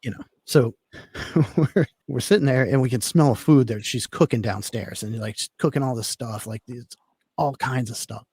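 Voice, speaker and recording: A man's voice: mid-range voice, normal speed, darkish tone, slightly rough, dry recording, clean studio sound. A man telling a long personal story in casual talk, rambling with lots of fillers. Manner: rambling, filler-heavy, laid-back. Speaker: podcast guest telling a story.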